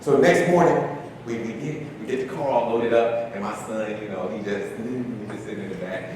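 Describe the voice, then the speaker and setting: A man's voice: lowish voice, fairly quick, slight background noise. A man speaking at a conference, telling a funny personal story in a loose, colloquial way and acting out the people in it. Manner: animated, colloquial, acts out other people's voices. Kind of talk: humorous personal storytelling to an audience. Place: conference hall with live audience. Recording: echoey hall, distant mic, audience.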